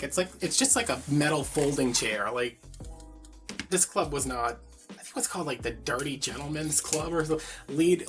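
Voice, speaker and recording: A man, telling a gossipy story in a casual, chatty way while he crafts. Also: fairly high pitch. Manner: chatty, gossipy, heavy use of filler words. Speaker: crafting vlogger.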